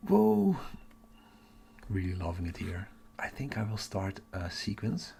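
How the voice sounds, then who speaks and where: Gravelly excited man thinking aloud. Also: low-pitched, moderate pace, slight background noise. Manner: excited, thinking aloud, drops to a whisper at times. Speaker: astronomy livestream host. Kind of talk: live-streamed casual chat. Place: home at night.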